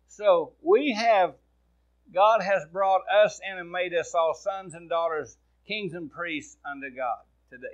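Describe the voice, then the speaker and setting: A man's voice: fairly high pitch, a bit bright, lo-fi sound. A man with a Midwestern American accent preaching a sermon, speaking in a folksy, plain-spoken way and talking directly to his congregation. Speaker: pastor.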